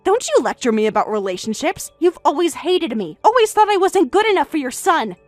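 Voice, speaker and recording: A woman voicing a frantic, defensive middle-aged mother who talks in a shrill, insistent, raised voice over faint music. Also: big pitch swings, normal speed, no room sound.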